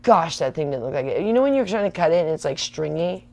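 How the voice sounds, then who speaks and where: A woman's voice: deep voice, lively intonation, fast, gravelly, darkish tone. A woman in her thirties hosting a livestream, rambling chattily and answering viewer comments. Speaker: livestream host. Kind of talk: casual rambling livestream chat.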